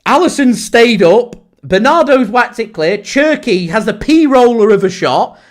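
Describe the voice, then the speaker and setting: A man giving live watchalong commentary on a football match for his fan channel, calm one moment and shouting the next. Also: very high voice, unhurried. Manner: excitable, shouts and laughs in disbelief at big moments.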